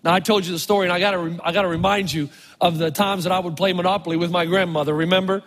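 Husky high-voiced preacher in a hall. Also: male voice, very fast. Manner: animated, shifts from hushed to loud for emphasis. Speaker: pastor. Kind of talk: sermon storytelling. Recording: long reverb in a large hall.

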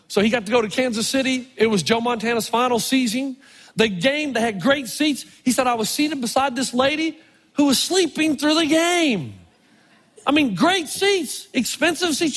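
Husky high-voiced preacher in a hall. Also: male voice. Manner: animated, shifts from hushed to loud for emphasis. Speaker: pastor. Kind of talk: sermon storytelling. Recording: long reverb in a large hall.

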